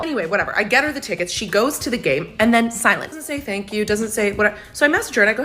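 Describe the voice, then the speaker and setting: A young woman talks quickly in a bright, forceful voice. She tells a personal story as casual chat, animated and indignant. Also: fairly high pitch.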